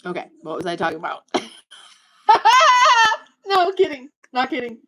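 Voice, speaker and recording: A woman's voice: on the high side, sing-song, moderate pace, rough recording. A woman in her fifties chatting on a livestream, rambling and joking as she talks straight to her viewers. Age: 50s. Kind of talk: casual livestream chat.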